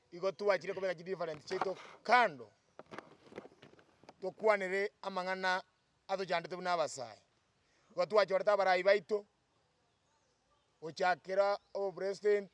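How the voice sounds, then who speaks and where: A Kenyan-accented man speaks at a rapid clip in a high voice, pressing a political case before reporters. The sound is close and dry, with no echo. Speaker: youth speaker at a press briefing. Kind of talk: political speech in a local language.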